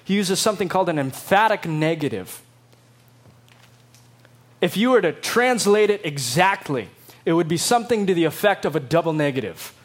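A man preaching a sermon, emphatic and dramatic, acting out quotes in lively voices. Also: on the high side, normal speed. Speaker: pastor.

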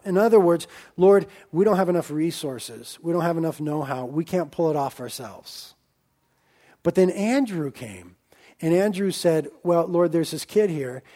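A man delivers a sermon in a high voice. He keeps it conversational and acts out the lines of the people in the story. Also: warm tone. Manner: conversational preaching with acted-out quotes. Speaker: preacher.

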